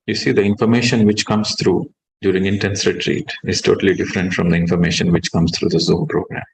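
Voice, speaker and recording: A man, a meditation teacher guiding a session and then giving a calm, measured spiritual talk that stresses key words. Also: low voice, poor audio.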